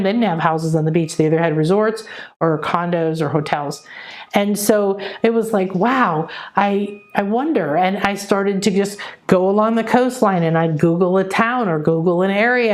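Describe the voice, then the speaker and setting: A middle-aged woman who works as an intuitive reader, teaching in a rambling, chatty monologue full of restarts and "right?" asides. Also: medium pitch. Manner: rambling, warm-hearted storytelling with many restarts and "right?" asides; excitable, breaks into exclamations of wonder. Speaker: intuitive reader and spiritual coach. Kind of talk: casual spiritual teaching monologue.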